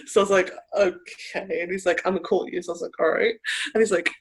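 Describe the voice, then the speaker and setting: A podcast co-host rambles through a personal story in casual conversation, performing the quoted lines and leaning heavily on "like." The mid-range voice stays fairly even in intonation, racing along with a breathy quality.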